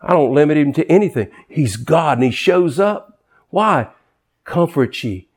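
A man in his sixties preaching a sermon with passion, dropping to hushed tones and rising to near-shouts. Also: fairly high pitch, animated, measured pace, slightly rough. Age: 60s.

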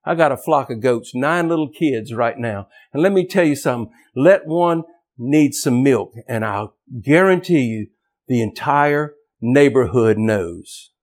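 A man preaching an impassioned sermon, emphatic and repetitive, climbing toward near-shouting on key points. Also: mid-range voice, animated, measured pace.

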